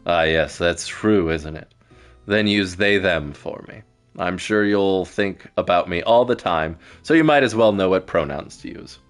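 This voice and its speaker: A man's voice: low voice, measured pace, soft background music. A man voicing a teasing, all-knowing star being with a playful, smug way of talking.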